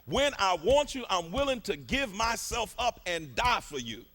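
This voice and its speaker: A man preaching a fervent sermon in a colloquial, repetitive style, rising to shouts at its peaks. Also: high-pitched, sing-song, unhurried.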